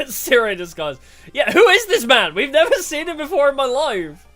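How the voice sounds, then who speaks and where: A man's voice: extremely high pitch, big pitch swings, normal speed, bright, forceful tone, soft background music. A man streaming a story game, joking, laughing often and reading the narration aloud. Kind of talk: casual game stream commentary.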